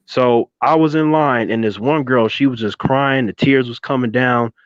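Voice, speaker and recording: A man tells a story in casual conversation, laughing and jumping into loud impressions of the people in it. His voice sits at a middle pitch. It comes through a muffled, lo-fi line with no room echo. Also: normal speed. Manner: animated storyteller, acts out yelling voices, laughs often. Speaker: co-host.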